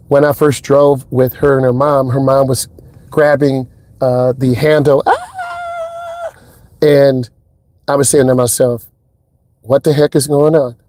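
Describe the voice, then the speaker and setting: A man talking casually as a driving instructor inside a car, telling stories in a lively way and acting out what people said. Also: no echo. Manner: animated storyteller, acts out quotes in a higher voice. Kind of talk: casual vlog talk.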